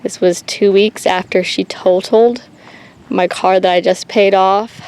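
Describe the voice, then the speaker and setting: A woman running an animal sanctuary, talking candidly in a halting way with many pauses and restarts. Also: mid-range voice, fairly even intonation, darkish tone, clear, resonant tone. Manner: halting, many ums and restarts, nervous laughs. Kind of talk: candid personal vlog. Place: outdoors on a rural animal farm.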